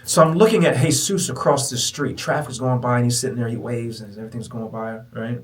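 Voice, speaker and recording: A man hosting a podcast who tells a personal story to his listeners. He swings from loud, emphatic bursts to near-whispers and repeats phrases for emphasis. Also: mid-range voice, brisk, recorded from a distance. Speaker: podcast host.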